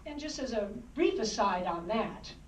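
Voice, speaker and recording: A woman in her sixties, an author, telling stories from her life in a lively, wry, dramatic way. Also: medium pitch, normal speed. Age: 60s. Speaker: author and speaker. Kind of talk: storytelling talk. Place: library hall, indoors. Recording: roomy hall, distant dull mic.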